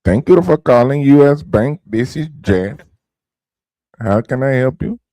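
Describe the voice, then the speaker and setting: A man's voice: mid-range voice, animated, a little slow, dark tone. A man voicing a polite male call-center agent who reads a scripted greeting. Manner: put-on customer service phone voice. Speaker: co-host.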